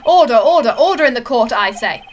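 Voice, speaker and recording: A woman voicing a slow, solemn, dithering older male judge in a game. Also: sits high, very animated, a bit bright, slight background noise.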